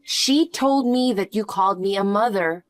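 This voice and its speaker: A woman's voice: medium pitch, normal speed, no echo, soft background music, lightly acted. A woman voicing a loving, tearful middle-aged foster mother in a scripted story reading. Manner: emotional, gushing.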